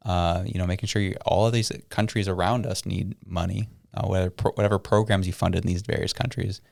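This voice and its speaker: A man's voice: low voice, steady tone, fast talker, gravelly, a little mellow, dry recording, studio quality. A man co-hosting a casual political podcast, joking and sarcastic with loose slang. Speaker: podcast co-host.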